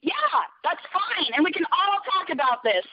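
A woman's voice: extremely high pitch, lively intonation, normal speed, no echo. A woman on a phone call, furious, profane and threatening. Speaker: caller. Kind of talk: heated phone argument. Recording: dull phone-line audio.

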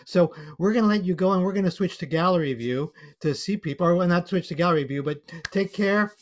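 A man's voice: sits high, brisk. A man emceeing an online panel, telling a joke and signing off with playful wordplay over a video call. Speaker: emcee and storyteller. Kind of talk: casual online panel hosting.

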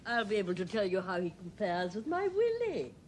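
A woman's voice: medium pitch, huge pitch swings, a little fast, a little mellow, a little hiss or hum. An actress playing a sociable, gushing elderly lady who talks in an effusive, sing-song way.

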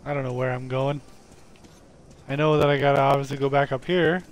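A man's voice: medium pitch, flat delivery, fairly quick, clear, resonant tone. A man casually commenting while he plays a game live, joking and talking to the characters on screen. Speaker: streamer playing a game.

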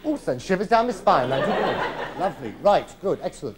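A man's voice: sits high, very animated, brisk, over a noisy crowd, very noisy. Chatty male stage storyteller. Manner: chatty, teasing the audience. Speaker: solo stage performer. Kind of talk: one-man comedy show storytelling. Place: theatre stage with a live audience. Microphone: clip-on body mic.

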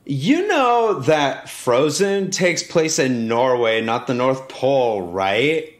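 A man voicing an annoyed know-it-all schoolgirl of about ten, speaking in a slow, pointed way. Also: mid-range voice, lively intonation.

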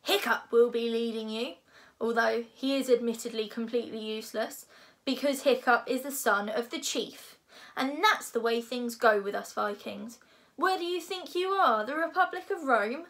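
A woman voicing a huge, loud male Viking drill instructor who barks orders, as a storybook reading. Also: on the high side, moderate pace. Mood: bellowing. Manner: bellowing, commanding.

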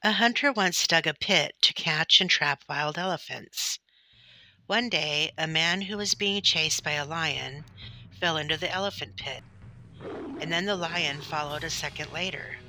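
A woman narrating a children's story in a gentle, deliberate way. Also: low voice. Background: soft background music.

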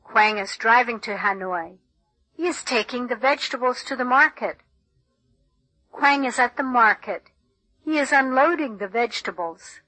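A woman reading English textbook listening passages in a clear, deliberate way. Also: on the high side, expressive, bright, forceful tone, no echo, rough recording. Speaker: textbook audio reader. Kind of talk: scripted textbook narration.

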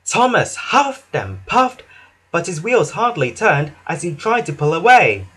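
A man narrating a children's storybook in an expressive read-aloud way, with some restarts. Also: on the high side, measured pace, husky.

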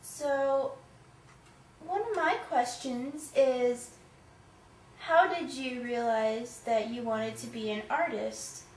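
A woman friend asking interview questions in a soft, encouraging way. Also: a little high, slow. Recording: echoey room, distant mic, faint background hiss.

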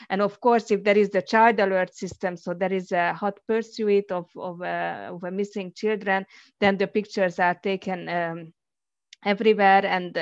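A woman's voice: lowish voice, dry recording, lo-fi sound. Woman speaking carefully with many fillers. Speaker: panel speaker. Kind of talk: conference panel talk.

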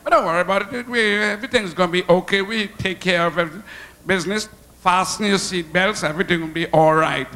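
Man doing a airline captain, calm, soothing, high-pitched, Trinidadian accent. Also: fast. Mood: reassuring. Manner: soothing, reassuring. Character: calm male airline captain over the intercom.

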